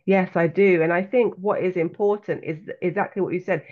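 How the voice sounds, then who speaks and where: A woman with a London accent, an author and coach speaking as a guest in a podcast interview, talking in a reflective, earnest and measured way. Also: fairly low pitch, fairly even intonation. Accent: London English. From London, England. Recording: slightly dull lo-fi sound.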